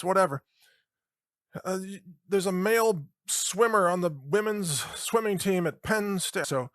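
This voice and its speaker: A man's voice: high-pitched, fairly bright tone, dry recording, studio quality. A middle-aged man giving a sarcastic commentary monologue as a podcast host, mocking and chuckling often between remarks.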